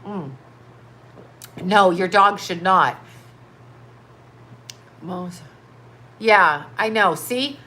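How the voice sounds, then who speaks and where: A woman's voice: mid-range voice, sharp tone. A woman in her fifties hosting a livestream, talking in an impassioned, profane rant full of rhetorical questions. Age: 50s. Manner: emphatic, profane, rapid-fire rhetorical questions. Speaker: livestream host.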